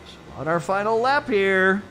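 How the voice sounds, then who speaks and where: A man's voice: high-pitched, big pitch swings, a little slow, sharp tone, slight background noise. A man commentating a sim race in a jokey, casual way, laughing often.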